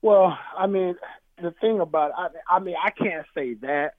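High-voiced man telling stories on a tinny line. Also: moderate pace, no echo. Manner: animated, laughing, acts out his coach's voice. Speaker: former football player and podcast co-host. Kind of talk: casual storytelling chat. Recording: dry, tinny phone-like sound.

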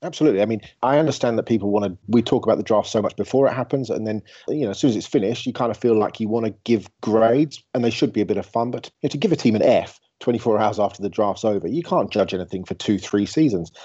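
Fast-talking Englishman with a low, mellow voice. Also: slightly rough, muffled recording. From England. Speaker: podcast guest. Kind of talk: casual podcast chat.

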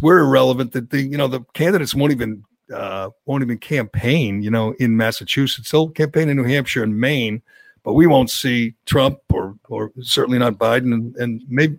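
A middle-aged man talks politics on the radio, blunt and opinionated, often restarting his sentences. His voice has a gravelly edge, and the studio sound is dry and close. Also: mid-range voice, brisk, dry recording. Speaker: radio co-host. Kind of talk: casual political talk radio chat.

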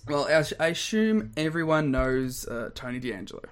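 Laughing young man, higher-pitched. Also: normal speed. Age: 20s. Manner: lively, laughs often, rambling storyteller. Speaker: podcast co-host. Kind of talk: casual chat.

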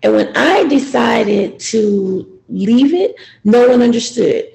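Brief: woman participant, very gravelly, mellow tone, reflective testimony. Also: on the high side, animated, slow pace, poor audio. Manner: reflective, hesitant. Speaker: seminar participant. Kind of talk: personal testimony.

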